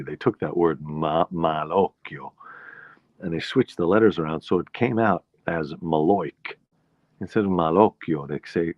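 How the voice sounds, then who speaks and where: Deep-voiced New man rambling playfully. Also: no room sound. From the Bronx, New York. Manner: playful, riffing, digressive. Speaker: podcast host. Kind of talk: rambling solo monologue. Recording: dull lo-fi recording, dry.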